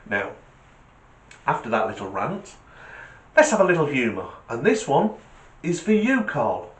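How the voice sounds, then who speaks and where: A man's voice: medium pitch, unhurried. A man, hosting his channel with a casual rant and a joke, acting out the voices as he goes. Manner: lively storyteller acting out voices. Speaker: channel host. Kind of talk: casual monologue and joke telling. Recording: echoey room.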